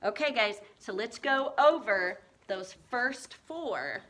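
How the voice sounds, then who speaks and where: A woman's voice: on the high side, lively intonation, slow pace, sharp tone, a little hiss or hum. A woman teaching a reading lesson to first graders, spelling words letter by letter in a patient, encouraging way. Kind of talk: remote reading lesson for young children.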